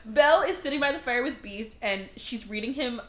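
A woman chatting on a podcast, retelling a movie with lots of swearing and acted-out lines. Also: fairly quick. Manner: animated, swears, acts out characters in high voices. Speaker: podcast guest. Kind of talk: casual podcast chat.

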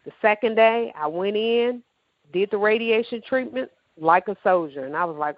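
A woman's voice: medium pitch, animated, normal speed, no room sound, lo-fi sound. A woman telling her personal faith testimony in an emotional, emphatic way, acting out the dialogue as she goes. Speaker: testimony speaker.

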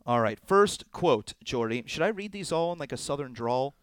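A man hosting a casual podcast, running a quiz game with a playful, teasing manner and drawn-out announcements. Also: mid-range voice, animated, soft background music. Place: indoors, on location in Texas.

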